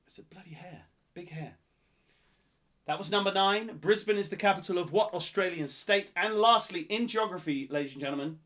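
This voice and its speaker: A man's voice: a little high, a bit bright. A man hosting a live-streamed pub quiz, reading each question several times and chatting to viewers in between. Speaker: quiz host.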